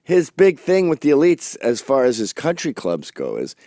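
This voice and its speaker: A man's voice: mid-range voice, wildly swooping pitch, normal speed, mellow, no room sound, clean studio sound. Brash, profane man hosting a show. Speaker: podcast host. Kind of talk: crude comedic chat.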